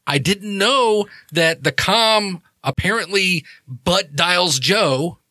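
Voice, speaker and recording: A man's voice: high voice, takes it slowly, sharp tone, dry recording, voice pushed up, full character voice. A man voicing a secretive woman who defends herself evasively and swears when pressed. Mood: defensive. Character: guarded secretive woman, older-sister figure.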